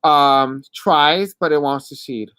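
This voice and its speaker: A host with a deaf accent gives live readings and answers chat questions in a halting, apologetic way with many fillers. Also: mid-range voice, pushed and bright, clean tone, no room sound.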